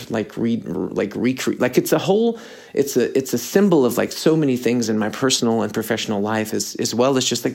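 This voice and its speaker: Gravelly young man ranting, a bit sick. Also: medium pitch. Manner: rambling, aggrieved, many fillers and restarts. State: slightly sick, throat clearing. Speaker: podcast host. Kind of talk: casual solo podcast rant.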